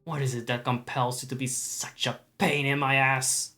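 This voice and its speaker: Raspy enraged game guardian, yelling, bright edge. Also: male voice, medium pitch, steady tone, a little slow. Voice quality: raspy, strained shouting. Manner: yelling threats, hurling insults. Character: furious raspy male zone guardian, territorial and shouting. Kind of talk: reading game dialogue aloud.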